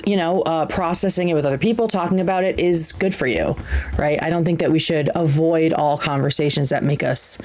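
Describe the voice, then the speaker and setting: A woman's voice: lowish voice, a little mellow, poor audio. A woman hosting a live-streamed podcast, chatting casually and animatedly, with many fillers and restarts. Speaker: podcast host.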